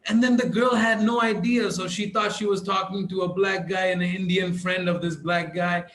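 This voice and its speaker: A young man as a podcast guest, telling stories in animated casual chat and laughing often. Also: high voice, normal speed, slight background noise, low-quality recording. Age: young adult.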